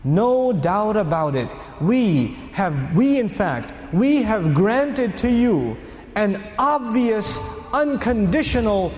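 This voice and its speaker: A man lecturing to a live audience, telling a story with animated delivery and rhetorical questions thrown back at the room. His voice sits high for a man, and it rings out with a long reverb through a large hall. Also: slow pace. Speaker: Islamic lecturer.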